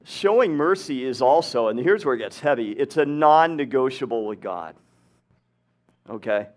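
A man's voice: mid-range voice, expressive, normal speed. A man giving a casual, conversational sermon, teaching from scripture with personal stories, laughing often and checking in with "right?" and "okay?". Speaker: preacher and teacher. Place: hot upstairs room, live audience.

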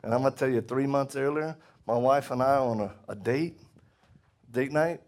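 At normal speed and medium pitch, a middle-aged man delivers a testimony sermon to a live audience. He laughs often, and his volume rises to loud bursts before dropping to a hush.

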